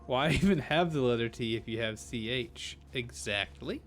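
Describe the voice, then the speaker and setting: A man's voice: medium pitch, animated, moderate pace, slight background noise. A man giving casual live-stream commentary while playing a game, playful and rambling, full of jokes. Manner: playful, joking, rambling asides.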